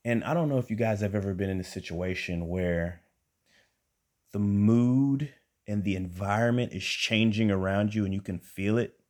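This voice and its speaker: A deep-voiced young man spinning a comic tale from his own life. He is animated and conversational and talks straight to his listeners. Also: normal speed. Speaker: storyteller and podcast host. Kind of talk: comic personal storytelling.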